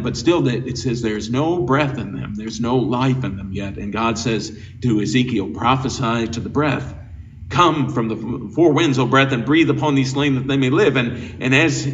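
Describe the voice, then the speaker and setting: Male pastor, earnest conversational sermon, mid pitch; distant, muffled recording. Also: fairly bright tone. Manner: earnest, conversational, with frequent restarts. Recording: dull, lo-fi sound from a distant mic with faint noise.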